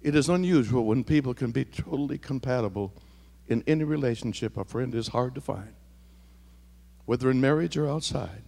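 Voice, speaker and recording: A male pastor preaching a sermon, dropping to near whispers and building to shouted, repeated refrains. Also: medium pitch, fairly quick, vocal fry, big-room sound. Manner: swings from hushed to shouted, repetitive preaching cadence.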